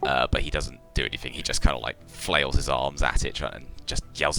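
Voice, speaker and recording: Game master with a very deep voice, describes the action haltingly. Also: male voice, fairly even intonation, vocal fry, sharp tone, faint music behind. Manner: hesitant, many fillers and restarts. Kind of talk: narrating a tabletop game live.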